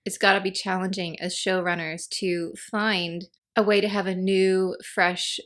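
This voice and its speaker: A woman gives a casual, animated spoken review of a TV episode, retelling scenes and performing the characters' lines. Her voice is medium-pitched and her pace measured.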